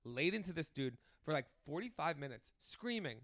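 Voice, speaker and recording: A man's voice: fairly high pitch, normal speed, no echo. A man co-hosting a podcast in casual chat, telling stories with lots of laughter. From New Jersey. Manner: animated, laughing storyteller. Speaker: podcast co-host.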